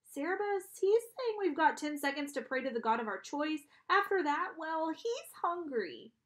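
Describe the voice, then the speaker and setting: A woman's voice: high voice, sing-song, normal speed, pitched above the performer's own voice. A woman reading aloud, voicing a nervous teenage boy sidekick.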